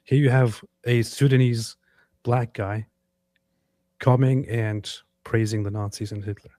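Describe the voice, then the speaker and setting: A man's voice: mid-range voice, steady tone, measured pace, dark tone, dry recording, studio quality. A man co-hosting a casual reaction show, talking in an emphatic, sarcastic way. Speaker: co-host.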